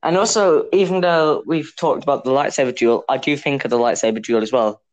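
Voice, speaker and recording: A man's voice: medium pitch, fairly quick, darkish tone, low-quality recording. A young man, co-hosting a casual podcast chat, joking and hesitant, full of fillers and restarts. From England. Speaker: podcast co-host.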